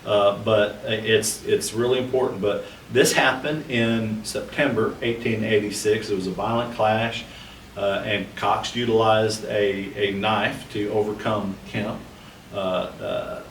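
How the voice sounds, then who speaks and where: Low, hesitant man in a roomy space. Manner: hesitant, many fillers and restarts. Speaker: podcast co-host, history researcher. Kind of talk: casual historical discussion. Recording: roomy, distant mic with faint noise.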